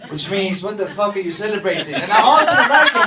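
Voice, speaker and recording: A man from Sweden, doing a stand-up comedy set with deadpan asides and quick punchlines. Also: high voice, far from the mic. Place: comedy club stage. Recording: echoey club mic from afar, crowd laughter. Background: audience laughter.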